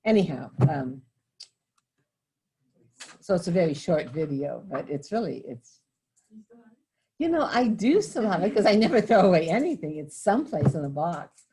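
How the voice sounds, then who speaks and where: A woman's voice: on the low side, big pitch swings, normal speed, long pauses, warm tone, husky. An older woman teacher who tells a rambling story with self-corrections and chuckling asides, then reads poetry aloud to a class. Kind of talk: lecture and reading poetry aloud.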